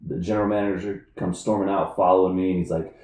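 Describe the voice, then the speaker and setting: A man's voice: low-pitched, fast, roomy sound, slight background noise. A man telling a workplace story in casual chat, acting out other people's lines as he goes. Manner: animated storyteller, acts out shouted lines.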